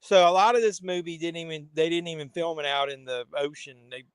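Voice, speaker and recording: A man's voice: fairly high pitch, a little fast, smooth, no echo. A man hosting a casual live watch-along, making wry, joking asides as the film plays. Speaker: host.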